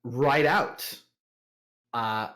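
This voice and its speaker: A man's voice: medium pitch, extremely slow, a bit bright. Casual male game master. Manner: casual, with many fillers and laughs. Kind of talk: narrating a tabletop game.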